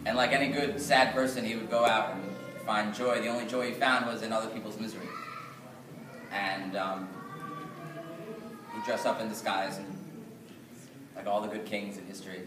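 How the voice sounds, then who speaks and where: A man's voice: lowish voice, normal speed, pauses often. Man telling a story in an echoey hall. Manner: lively and rhythmic with repeated phrases. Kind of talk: live oral storytelling. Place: synagogue event. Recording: echoey hall from far off, noisy.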